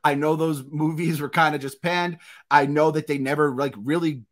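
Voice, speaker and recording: A man co-hosting a podcast, chatting excitably with lots of swearing and laughter. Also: fairly high pitch, moderate pace. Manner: excitable, profane, laughs often. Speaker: podcast co-host. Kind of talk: casual podcast chat.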